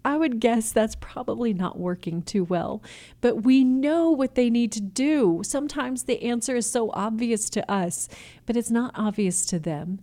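Her voice sits on the high side, warm and measured as she coaches listeners on family communication through a faith lens. The woman speaks earnestly, acting out example lines to illustrate her points.

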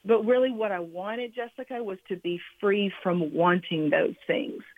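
A woman author giving a reflective, halting personal testimony as a guest on a radio interview. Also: mid-range voice. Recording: phone line, dry.

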